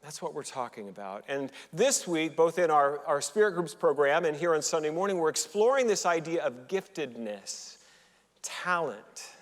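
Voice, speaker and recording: A man's voice: a little high, expressive, normal speed, in a large hall. A male minister giving a conversational, joking sermon, often restarting his sentences. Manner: chatty, joking, with frequent restarts. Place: church sanctuary.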